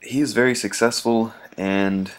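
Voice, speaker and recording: A man's voice: on the low side, steady tone, a little slow, a little hiss or hum. A man giving casual, rambling gameplay commentary, chatty and full of ums, chuckling often.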